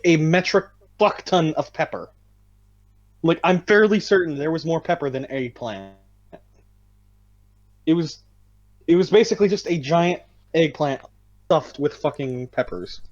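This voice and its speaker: A man's voice: fairly high pitch, a little mellow, lo-fi sound. An American man co-hosting a casual podcast chat, blunt and profane, with mock outrage. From United States. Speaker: podcast co-host.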